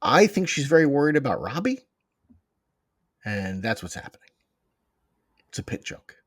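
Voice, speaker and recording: A man's voice: medium pitch, big pitch swings, moderate pace, no room sound, studio quality. A man co-hosting a casual show chat, joking and enthusing about favorite moments. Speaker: podcast co-host.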